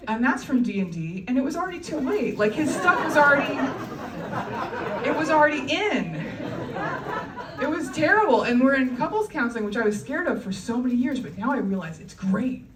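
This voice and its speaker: A woman's voice: high-pitched, expressive, brisk, distant mic, noisy background. Wry woman comic on a roomy club stage. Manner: chatty, wry, laughing between lines. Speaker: stand-up comedian. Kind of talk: stand-up comedy set. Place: comedy club stage before a live audience. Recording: roomy live club recording, crowd and ambience behind.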